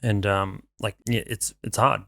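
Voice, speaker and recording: A man, co-hosting a podcast in relaxed, rambling chat with many fillers. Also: lowish voice, a little slow, vocal fry. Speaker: podcast co-host.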